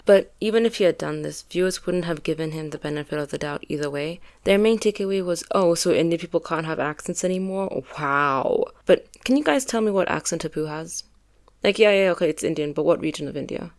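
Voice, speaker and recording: A woman giving a casual commentary video essay, conversational with frequent fillers, turning animated when she argues a point. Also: low-pitched.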